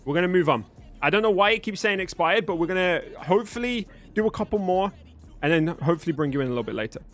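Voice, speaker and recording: A young British man with a mostly neutral accent and a fairly high voice hosts a live stream. He chats in a loose, friendly way, thanks viewers and reads out the chat. Soft music plays faintly behind him. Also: animated, quick pace. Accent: British English, mostly neutral. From Birmingham, England. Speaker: streamer host.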